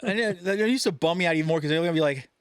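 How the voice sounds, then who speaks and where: Profane, animated male podcast co-host. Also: high voice, racing, clear, resonant tone, no room sound, studio quality. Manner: profane, animated storytelling with acted-out voices. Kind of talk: casual crude chat.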